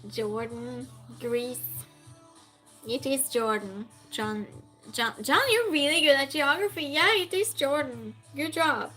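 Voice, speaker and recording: A woman's voice: sits high, slow pace, sharp tone, faint music behind, low-quality recording. A woman hosting a trivia game on a live stream, chatting casually and reading out and answering viewers' messages. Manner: chatty, reads chat aloud and answers viewers.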